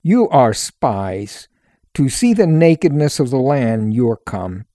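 A harsh, powerful governor lays down his terms slowly and with force, as a man reads him aloud. The tone is dark and mellow. The sound is dry and close. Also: mid-range voice, expressive, dry recording, close to an everyday voice. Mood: stern. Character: stern powerful male governor, harsh with strangers.

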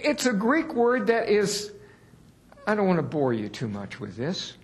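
A man preaching a sermon in a folksy, candid way, poking fun at himself and raising his voice to stress key words. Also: sits high. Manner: folksy, candid and self-deprecating; builds to raised emphasis on key words.

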